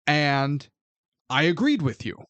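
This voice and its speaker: A man with a fairly high voice co-hosts a casual film podcast. He jokes and reacts freely and laughs easily. The sound is dry and close to the mic. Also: very animated, slow pace, fairly bright tone, no room sound. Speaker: podcast co-host. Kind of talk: casual chat.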